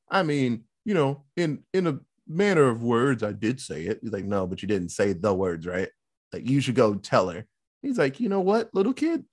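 Male co-host, casual recap, expressive and animated. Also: medium pitch. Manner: animated storytelling, swearing, mock quoting characters. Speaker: podcast co-host recapping a film. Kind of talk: casual chat.

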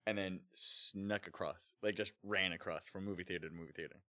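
Deep-voiced teasing man. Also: brisk, dry recording. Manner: teasing, deadpan, tells anecdotes. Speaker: podcast co-host. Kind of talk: casual chat.

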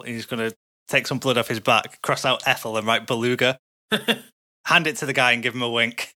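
A man's voice: mid-range voice, steady tone, fairly quick, sharp tone. A man, a player in a tabletop game, talking casually.

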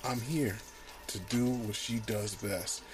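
A man co-hosts a podcast in loose, casual talk. He swings into loud, cursing rants and laughs easily. A faint hiss sits under his voice. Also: on the low side, slow pace. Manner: animated, profane ranting with laughs. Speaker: podcast co-host. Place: small home studio.

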